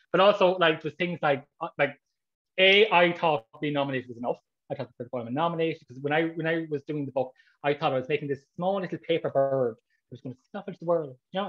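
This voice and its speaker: A man with an Irish accent, an author answering audience questions in a lively, casual way and acting out his own reactions. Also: on the high side, muffled recording. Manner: animated storyteller, quick, acts out his own reactions.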